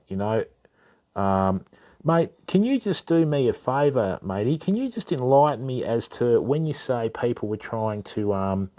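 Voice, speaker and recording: A man's voice: fairly low pitch, warm tone. An Australian man hosting a fishing channel, chatting casually with viewers, calling everyone mate and bud, with lots of ums. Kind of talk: casual live stream chat with viewers.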